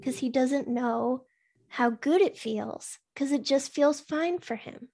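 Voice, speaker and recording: A woman talking in a relaxed, explanatory way in a casual podcast conversation, with lots of "like". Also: sits high, slow, creaky.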